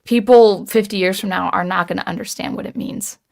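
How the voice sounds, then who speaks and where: Woman streamer, mid-pitched voice, thinks out loud with lots of ums and restarts. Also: steady tone, fairly quick, creaky. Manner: musing and hesitant, many ums and restarts. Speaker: livestream host reading chat comments. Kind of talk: casual livestream chat.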